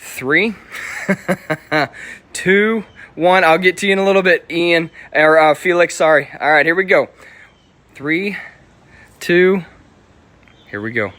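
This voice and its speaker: A man's voice: on the high side, slow, pauses often. Hyped man hosting a live stream. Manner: hyped and energetic, repeats himself, greets viewers by name. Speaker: auto detailer hosting a livestream. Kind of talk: excited live-stream chat with viewers.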